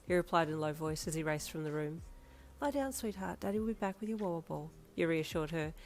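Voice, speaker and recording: Woman reading second-person fan fiction. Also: fairly low pitch.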